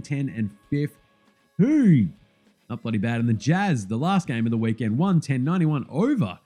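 A man hosting a casual basketball recap, sweary and jokey as he rattles off scores. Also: mid-range voice. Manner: sweary, animated, jokey banter. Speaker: basketball podcast host.

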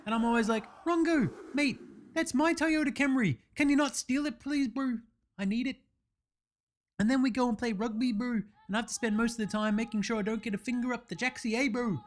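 Man doing a drawling Kiwi lad, high and easy. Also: a little fast. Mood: laid-back. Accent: New Zealand. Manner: drawling, says bro and eh constantly. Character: laid-back young New Zealand basketball player, man. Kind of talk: comedy sketch.

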